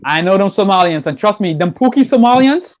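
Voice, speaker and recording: A man from South Sudan hosting a casual podcast chat, rapid and talking over his guest. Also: high-pitched, animated, no echo, lo-fi sound. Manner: rapid, talks over others. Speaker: podcast host.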